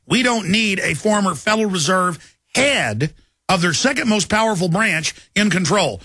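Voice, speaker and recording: A man's voice: sits high, animated, normal speed, pushed and bright, breathy edge, no echo. A male radio talk show host delivering a heated, sarcastic monologue in a studio. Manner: fiery, sarcastic, mocking impressions.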